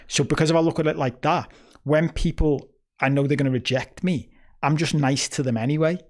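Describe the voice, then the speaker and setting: A man's voice: a little high, fairly quick. Laid-back man explaining with anecdotes. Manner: relaxed, swearing, explaining through anecdotes. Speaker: podcast co-host. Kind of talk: casual chat.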